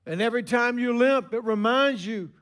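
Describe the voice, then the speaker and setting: A man in his sixties preaching a sermon, telling stories with emphatic pauses. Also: extremely high pitch, fairly bright tone.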